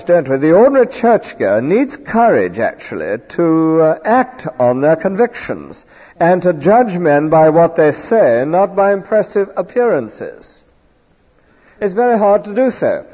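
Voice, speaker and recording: Man, preacher, emphatic sermon, husky voice, long church reverb, muffled old recording. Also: fairly high pitch, mellow. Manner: earnest, emphatic expository preaching.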